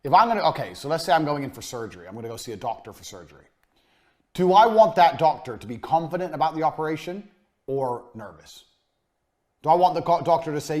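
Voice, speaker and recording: A man's voice: fairly high pitch, sing-song, quick pace. Blunt, profane male business coach. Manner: blunt, profane, emphatic; voice often drops off at line ends. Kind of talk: recorded business lesson.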